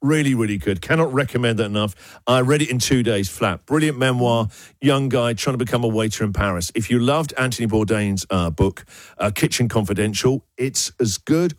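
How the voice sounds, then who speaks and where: A man hosting a radio show, talking eagerly and stressing his words by repeating them. His voice sits at a middle pitch, and the studio sound is dry and close. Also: brisk, dry recording. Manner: enthusiastic, emphatic repetitions. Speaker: radio host. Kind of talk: casual radio chat.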